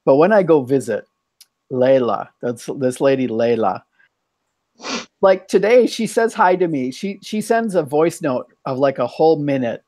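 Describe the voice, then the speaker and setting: A man's voice: mid-range voice, expressive, unhurried, dark tone, dry recording. A man hosting a casual bilingual chat, rambling and thinking aloud as he talks. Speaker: host.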